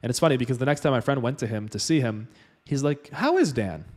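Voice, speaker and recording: A man's voice: mid-range voice, fast talker, darkish tone. A man casually telling a personal story in a loose, chatty way, full of fillers.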